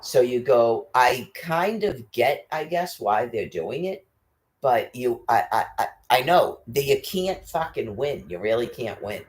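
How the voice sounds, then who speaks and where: Man, angry profane rant, lively swinging pitch, rhetorical questions. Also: measured pace. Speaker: ranting commentator.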